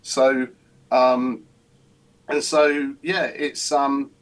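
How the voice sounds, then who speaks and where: A man's voice: medium pitch, level tone, drawn-out words. A man with an English accent, a football club chairman, talking casually and at length with many hesitations and repeated words. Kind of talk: casual chat.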